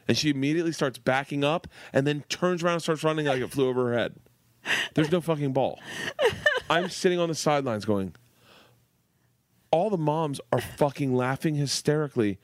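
A man in his forties telling funny stories about his daughter in casual podcast chat, animated and profane, laughing as he goes. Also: mid-range voice, normal speed, dry recording, studio quality. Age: 40s. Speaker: comedian guest.

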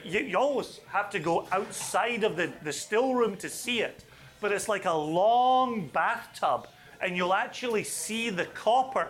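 A man leading a whisky tasting for a live audience, chatty and enthusiastic with quick asides. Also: high voice, fairly bright tone.

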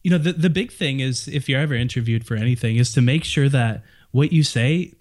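A man's voice: mid-range voice, fairly quick. A man appearing as a guest on a podcast, chatting casually and teasing the host. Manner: joking, playful teasing. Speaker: guest author on productivity.

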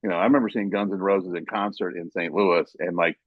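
A man on a casual podcast, telling stories with animated, loud acted-out quotes. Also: low-pitched, fast, no room sound, narrow, tinny audio. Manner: animated storyteller, acts out quotes loudly. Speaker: podcast guest, basketball writer.

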